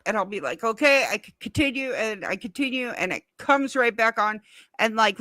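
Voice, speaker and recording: A woman's voice: on the high side, sharp tone, dry recording. A woman guest on a live stream, telling a rambling story casually and swearing now and then.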